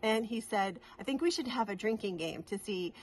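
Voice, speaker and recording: A woman's voice: mid-range voice, expressive, normal speed. A middle-aged woman from New England, chatting casually to camera in a rambling, giggly way with many restarts. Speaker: cross-stitch vlogger.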